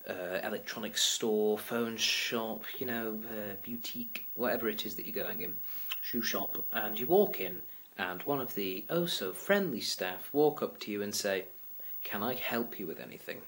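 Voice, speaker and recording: A man's voice: lowish voice, moderate pace, a bit bright. A man, venting in a rambling, self-deprecating casual monologue to his vlog viewers. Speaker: vlogger.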